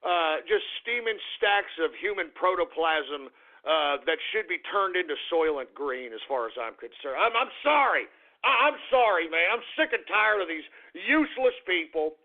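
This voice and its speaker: A man's voice: high-pitched, animated, normal speed. A man hosting a talk radio show, ranting angrily at listeners and repeating himself as he builds up steam. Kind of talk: political talk radio rant. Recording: phone-like lo-fi radio audio.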